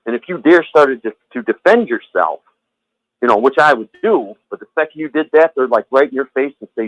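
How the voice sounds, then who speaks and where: Over a thin, phone-like line with a dry, close sound and no echo, a man who left the Jehovah's Witnesses tells his story in a heated call. His mid-range voice is sing-song and fast, and he goes on at length, bluntly profane and circling back to the same words.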